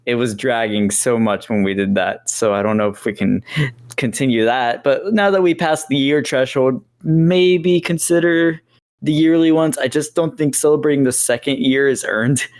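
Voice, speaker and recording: A man's voice: medium pitch, moderate pace, a little mellow. A man co-hosting a review podcast, rambling and correcting himself in casual chat. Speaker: podcast co-host.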